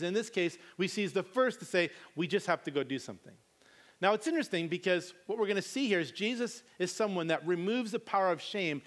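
Guy preaching, reads scripture then explains it real casual, kinda high voice. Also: fairly bright tone. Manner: casual, conversational retelling with slangy asides. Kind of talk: sermon reading and explaining scripture.

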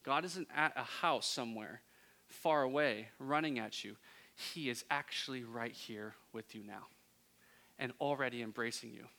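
A man preaching a sermon, moving between hushed, intimate passages and loud, impassioned pleading. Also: mid-range voice.

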